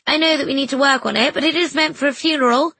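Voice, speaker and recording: A woman voicing an eager, encouraging village organist who calls out high and loud in an audiobook. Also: fast talker, no echo. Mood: earnest. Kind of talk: audiobook character voice.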